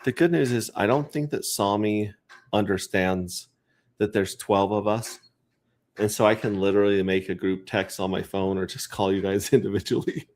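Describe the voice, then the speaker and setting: A man's voice: fairly low pitch, moderate pace, darkish tone. A man chatting casually on a livestream, rambling and joking while he reads out names from his chat. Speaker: crypto livestreamer.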